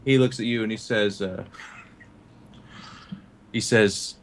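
A man's voice: fairly low pitch, fairly even intonation, takes it slowly, pauses often. A man narrating as game master, rambling casually with lots of fillers. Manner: rambling, full of fillers and laughs.

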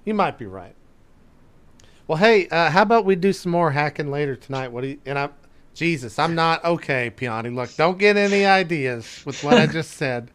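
Halting, smooth-voiced male player. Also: fairly high pitch, lively intonation, fairly bright tone. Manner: halting, restarting. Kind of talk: in-character role-play.

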